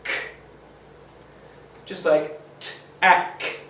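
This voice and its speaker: A man teaches phonics to young children, carefully sounding out each letter and praising the class. He speaks slowly in a slightly high voice. The recording is roomy and echoey, with the mic set some distance away. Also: creaky. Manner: slow, sounds out letters, encouraging.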